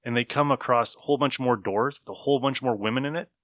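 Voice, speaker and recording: A man hosts a casual podcast, rambling loosely through stories with plenty of laughing and swearing. His voice is bright and forward. The sound is close and dry, with no room around it. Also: medium pitch, fast, dry recording. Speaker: podcast host reviewing comics. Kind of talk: casual chat.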